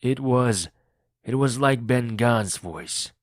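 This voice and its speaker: A man's voice: medium pitch, takes it slowly, dry recording, studio quality, pitched above the performer's own voice, close to an everyday voice. A man voicing a blunt, skeptical pirate crewman, in an audiobook reading for learners. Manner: blunt, questioning.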